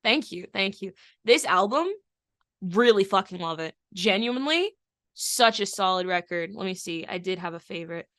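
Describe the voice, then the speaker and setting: A woman with a mid-range voice co-hosts a music podcast, talking about albums with easy enthusiasm. She swears often and backs her co-host with steady mm-hmms. Her voice is close and dry, with no room sound. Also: medium pitch, moderate pace, no room sound. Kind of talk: casual music review chat.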